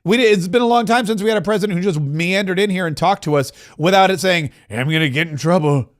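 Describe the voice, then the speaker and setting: A male podcast host with a notably high voice riffs on politics with sarcasm and mocking asides. He talks loosely, often restarting his sentences. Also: fast. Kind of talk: opinionated political commentary.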